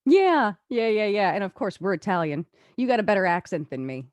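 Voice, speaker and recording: A woman in her late thirties hosting an interview, friendly and quick to laugh in casual chat. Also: medium pitch, big pitch swings, darkish tone, dry recording. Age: 30s. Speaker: interview host.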